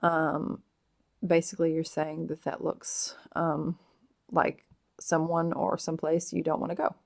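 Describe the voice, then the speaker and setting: Woman, casual vlog, hesitant with many ums, slow, gravelly. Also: deep voice, completely flat delivery. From United States. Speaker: vlogger explaining British slang.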